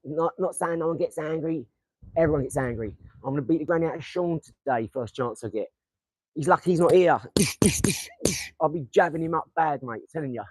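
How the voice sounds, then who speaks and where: A man's voice: on the high side, a little fast, husky, poor audio. A young man with an Essex accent chatting to viewers on a casual livestream, rambling, swearing and throwing darts as he talks. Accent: Essex English. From England. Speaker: livestream host. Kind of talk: casual motivational livestream chat.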